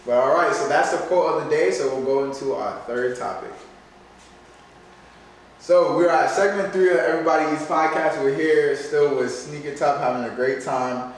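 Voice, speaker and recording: A man hosting a casual podcast, relaxed and easy to laugh, as he steers the talk into each new segment. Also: fairly high pitch, moderate pace, distant mic. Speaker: podcast host. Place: sneaker cleaning shop. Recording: echoey room, off-mic, faint background noise.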